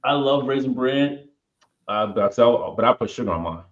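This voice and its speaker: Speaking at a moderate pace in a mid-range voice, this male podcast host is recorded with lo-fi sound. He reads live chat comments out loud in a loose, casual conversation, full of jokes, playful energy and the occasional burst of song.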